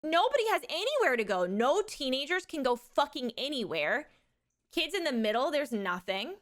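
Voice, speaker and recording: A woman's voice: high-pitched, sing-song, moderate pace. A woman in her thirties chatting casually on a livestream, rambling frankly about raising her son and swearing freely. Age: 30s. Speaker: streamer and mother.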